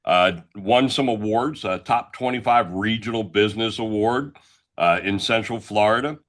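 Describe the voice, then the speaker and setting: A middle-aged man from the Northeastern United States, a guest entrepreneur telling his story in a loud, brash, blunt way. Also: lowish voice, normal speed. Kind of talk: casual talk show storytelling.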